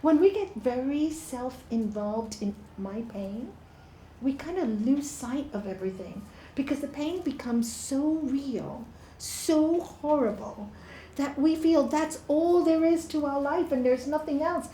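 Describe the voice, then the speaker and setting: Unhurried woman in an echoey room. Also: high-pitched, lively intonation, slight background noise. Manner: soft, unhurried, hushed in the meditation parts. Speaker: spiritual speaker. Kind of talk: informal inspirational talk. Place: yoga studio.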